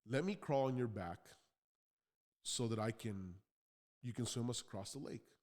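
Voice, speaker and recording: A man voicing a sly male scorpion in a spoken fable, calm and matter-of-fact. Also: medium pitch, moderate pace, natural voice. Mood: persuasive.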